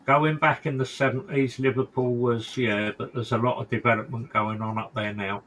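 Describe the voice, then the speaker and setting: Relaxed man chiming in briefly. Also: medium pitch, moderate pace, slight background noise, rough recording. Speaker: guest on a live stream. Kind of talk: casual chat.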